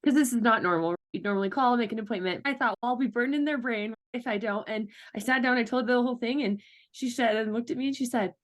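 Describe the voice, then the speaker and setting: A woman hosting a podcast, chatting casually and telling her own story excitedly while crying. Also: fairly high pitch, fast. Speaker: podcast host. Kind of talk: casual chat.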